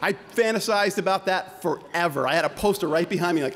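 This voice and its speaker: A man's voice: high-pitched, expressive, fairly quick, hardly any pauses, slight background noise. A man giving a comedic keynote talk as a physician, with a sarcastic, punchy delivery, laughter from the audience now and then. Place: conference hall. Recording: long hall reverb.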